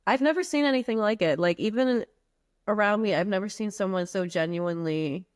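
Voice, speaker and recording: A woman's voice: medium pitch, fairly quick, no room sound, clean studio sound. A woman from the U.S. Virgin Islands, a podcast guest telling a personal story in a candid, casual and slangy way.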